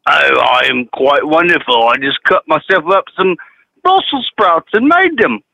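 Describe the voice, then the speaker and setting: A man's voice: on the high side, lively intonation, a little slow, creaky, bright, forceful tone, dry recording, rough recording. A man calling in to a show, chatting playfully in a put-on accent. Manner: playful, putting on a strange accent. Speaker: caller. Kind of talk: casual call-in chat.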